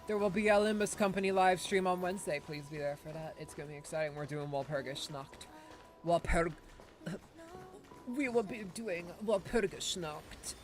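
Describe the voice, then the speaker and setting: A chatty man wraps up a game livestream in a loose, rambling way, swearing freely as he goes. His voice sits fairly high for a man. Soft game music plays quietly behind him. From Ireland. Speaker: game streamer. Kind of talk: casual livestream chat.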